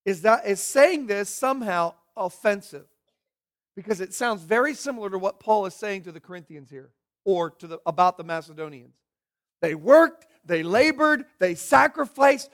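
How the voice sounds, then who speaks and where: A man's voice: high voice, animated, moderate pace, a bit bright. A pastor preaching a sermon in an earnest, questioning way, often stumbling and repeating his words.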